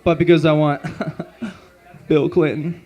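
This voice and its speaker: A man performing a stand-up comedy set at an open mic on a club stage, delivering deadpan setups and punchlines through a handheld stage mic. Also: on the high side, slow pace, muffled recording.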